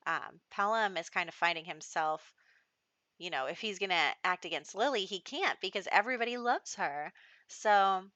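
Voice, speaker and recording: A woman's voice: on the low side, sharp tone, no room sound. A woman hosting a casual game playthrough, chatty and laughing often as she acts out her characters' lines, on a desk microphone. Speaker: gameplay host. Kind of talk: casual gameplay commentary. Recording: dull, dry lo-fi recording.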